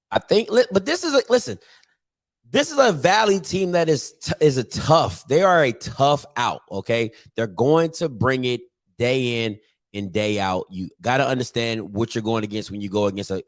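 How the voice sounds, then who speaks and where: A man hosting a casual live-streamed sports talk show, animated and exasperated, repeating himself for emphasis. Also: medium pitch, normal speed, dry recording. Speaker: host of a college football show.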